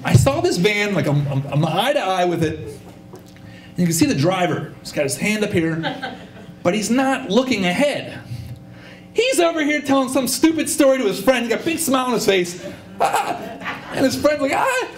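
Male stage storyteller, animated, acts out his characters, swooping pitch. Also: echoey room. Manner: animated, acts out voices, audience laughter. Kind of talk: live personal storytelling. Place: stage at a live storytelling show. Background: audience laughter.

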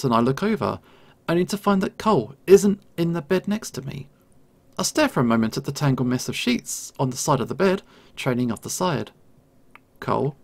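A man, a gaming YouTuber, reading a visual novel aloud with expressive, dramatic delivery and brief casual asides. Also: on the high side, vocal fry.

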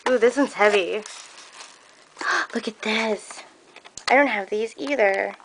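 A woman chatting excitedly as she unboxes craft gifts, gasping and gushing, with lots of "like" and "oh my God". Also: on the high side, slow pace, a little hiss or hum, poor audio. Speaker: crafting vlogger. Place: crafting room at home.

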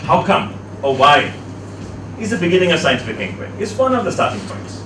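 A man's voice: on the high side, sing-song, a little fast, background noise. A man teaching a class, asking students questions and leading them through a word exercise. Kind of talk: classroom lecture. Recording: echoey classroom from far off.

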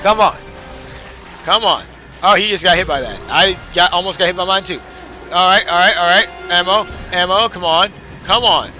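A man's voice: sits high, moderate pace, pushed and bright, faint music behind. A young man giving casual, frustrated gameplay commentary, swearing and cheering himself on. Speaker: gamer.

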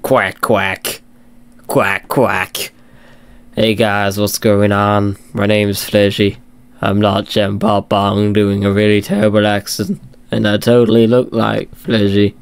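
A man doing a silly, deep-pitched cowboy duck impression with quacks, in a gaming video. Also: little pitch movement, slow pace, clear, resonant tone, faint music behind. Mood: goofy. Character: goofy male cowboy duck streamer.

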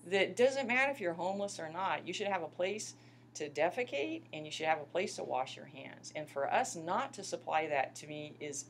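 A woman's voice: on the low side, animated, moderate pace, vocal fry, slight background noise. Chatty woman lecturing a lab class. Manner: chatty, impassioned, repeatedly says "you guys". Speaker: microbiology lab instructor.

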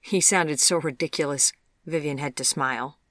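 This audiobook narrator tells a storybook tale gently and steadily, at a middle pitch and an unhurried pace. The sound is close and dry, with no echo.

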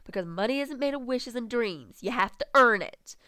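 A woman doing let's play commentary, reading game text aloud, excitable and swearing freely. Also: fairly high pitch, normal speed, clean tone, dry recording, studio quality. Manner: excitable, swears freely, bursts into squeals and laughs.

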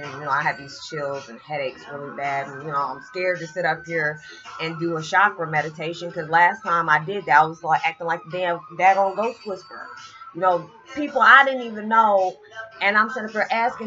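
Woman, 40s, vlogger; low voice, rambling confessional chat, muffled lo-fi audio with music under it. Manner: rambling, heartfelt, many fillers. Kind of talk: casual spiritual vlog monologue. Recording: dull lo-fi with loud music behind.

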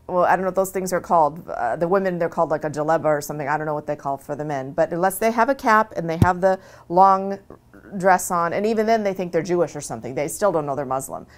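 Earnest, animated woman in an interview. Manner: earnest and animated, with lively swings in pitch; conversational, often restarting phrases. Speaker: interviewee, religious convert. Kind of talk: long-form interview, casual personal talk.

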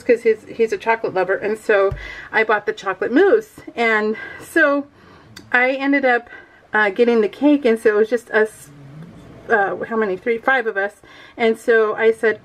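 A middle-aged woman with a slightly high voice chats casually while she works on a scrapbook. She rambles from one aside to the next and laughs often. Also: rough recording. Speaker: scrapbooking vlogger. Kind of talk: casual chat while crafting.

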